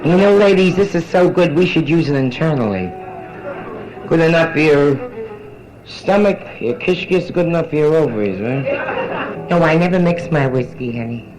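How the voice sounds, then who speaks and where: A woman's voice: sits low, lively intonation, normal speed, crowd noise, rough recording. A middle-aged woman doing bawdy live stand-up in a nightclub, brassy and boozy, teasing the audience between jokes. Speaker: nightclub comedian. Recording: vintage live club record with band. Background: live band.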